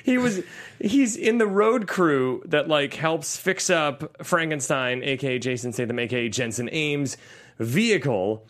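A man co-hosting a podcast, chatting enthusiastically and rambling through a movie review with quick asides. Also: a little high, fairly bright tone. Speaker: podcast co-host. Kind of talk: casual movie-review chat.

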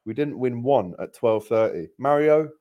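Upbeat male podcast host, mid-pitched. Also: lively intonation, moderate pace, dull audio. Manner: upbeat, chatty, storytelling with plugs and shout-outs. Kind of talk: casual football podcast chat.

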